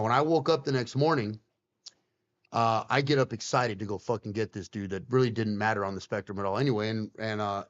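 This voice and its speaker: A man recounting his past in an easy, casual way, dropping curse words and playing the other people in his story. His voice sits at an everyday pitch. The recording sounds a little muffled and lo-fi. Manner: swearing, quick and animated retelling. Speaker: guest on a podcast. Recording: slightly dull, lo-fi sound.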